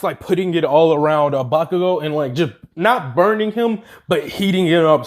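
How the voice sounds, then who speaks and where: A man's voice: a little high, darkish tone. A man casually narrating a made-up fan story, rambling along with plenty of fillers and self-corrections.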